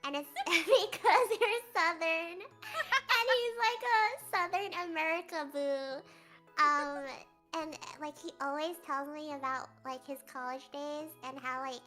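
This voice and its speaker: A young woman hosting a stream, chatting casually and telling animated stories that imitate others. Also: sits high, a little slow. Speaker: streamer host. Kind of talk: casual chat. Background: faint music.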